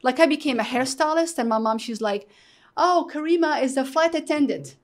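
A woman's voice: high voice, brisk. A middle-aged woman from Morocco, speaking as an interview guest, telling her personal story candidly and acting out the voices of people she quotes. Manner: animated, acts out quoted voices, fillers like "you know".

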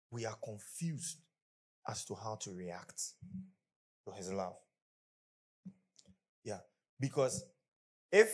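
A man's voice: mid-range voice, darkish tone, breathy edge. A man preaching a conversational sermon as pastor, often acting out the people he quotes.

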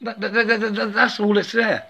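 A man's voice: high voice, flat delivery, normal speed, gravelly, bright, forceful tone, slightly rough. A man rambling through a spiritual monologue into a phone, chanting wordless syllables and tagging his sentences with "yeah?", often stammering and repeating words.

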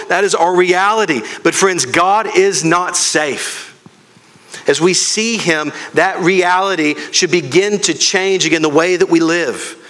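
Male pastor, sermon, earnest, addresses congregation directly, slightly high voice. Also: fairly bright tone.

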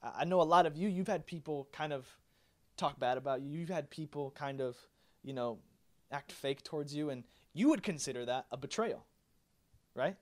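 A young man delivers a youth sermon with a slightly higher-than-usual voice. His talk is casual and animated, loose with fillers and restarts, and he acts out the lines of the people he talks about. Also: normal speed. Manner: casual, animated preaching with many fillers and acted-out quotes. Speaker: youth pastor.

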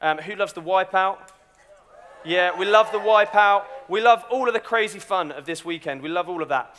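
A man's voice: high-pitched, brisk, fairly bright tone, slight background noise. A young man giving a chatty, self-deprecating youth talk with a story. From Britain. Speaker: youth speaker.

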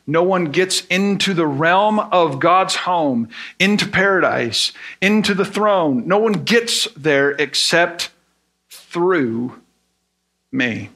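Bright-voiced man preaching slowly. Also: high-pitched, animated. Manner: earnest, explains with everyday examples; asks rhetorical questions. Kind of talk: sermon teaching.

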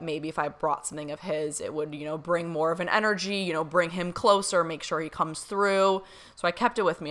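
Young woman vlogger, casual and gushing, bright tone, slightly low pitch. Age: young adult. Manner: excited, gushing, many fillers. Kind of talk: casual storytelling to camera.

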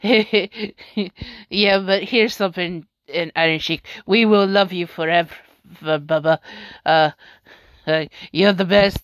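This podcast host reads tweets aloud in casual chat, often laughing in amused disbelief. Her voice is medium-pitched, slow and a bit bright, recorded dry.

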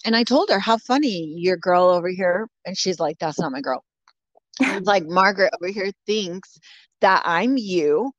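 A woman's voice: on the low side, lively intonation, moderate pace, dry recording. Blunt woman, swearing freely. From California. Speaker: guest. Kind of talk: casual chat. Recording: dull lo-fi dry audio.

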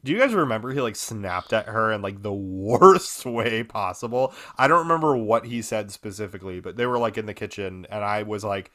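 A man's voice: on the low side, pushed and bright. A man hosting a podcast, chatting casually with lots of fillers and restarts. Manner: halting, many fillers and restarts. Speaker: podcast host. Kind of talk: casual chat.

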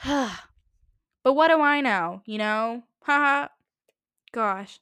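A teenage girl hosting a solo podcast, ranting quickly and in exasperation, with many asides. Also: sits high, fairly bright tone, clean tone, no room sound, studio quality. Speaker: podcast host.

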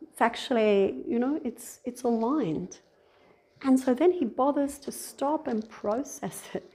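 A woman giving a conversational sermon, animated, acting out little voices and laughing at herself. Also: a little high, measured pace, husky. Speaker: speaker giving a talk.

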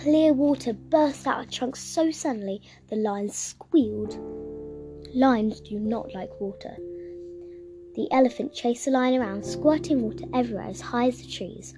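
A woman narrating a children's audiobook in a playful, expressive way. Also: fairly high pitch, unhurried. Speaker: storyteller. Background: music.

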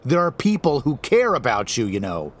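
A tense, defiant teenage boy, played by a man, speaks up in a strained, urgent voice. His voice rides higher and louder than a plain speaking voice. He sounds like a scared kid trying to hold his ground in a horror audiobook. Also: huge pitch swings, moderate pace.

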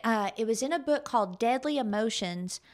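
A middle-aged woman co-hosts a casual talk show with a slightly high voice. She tells stories in an animated way and laughs often. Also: fairly quick. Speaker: podcast co-host. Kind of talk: casual chat.

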